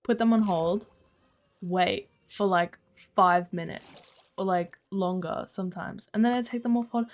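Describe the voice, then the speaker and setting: A woman's voice: medium pitch, unhurried. A young Australian woman on a live stream, casually telling stories with lots of "like", swearing and frequent laughter. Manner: chatty storytelling, heavy use of 'like', swearing, laughing. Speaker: livestreamer.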